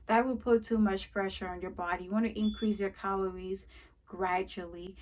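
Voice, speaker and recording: A woman's voice: mid-range voice, steady tone, moderate pace. A young woman vlogger talking casually to camera in a chatty, rambling way. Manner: chatty, rambling, friendly sign-off.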